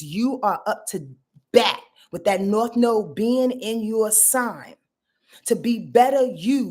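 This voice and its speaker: A woman's voice: medium pitch, mellow. Blunt, profane woman giving a live astrology reading. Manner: blunt, profane and emphatic, calling viewers "y'all" and "boo-boo". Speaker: astrologer hosting a live stream. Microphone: webcam or phone on a live stream.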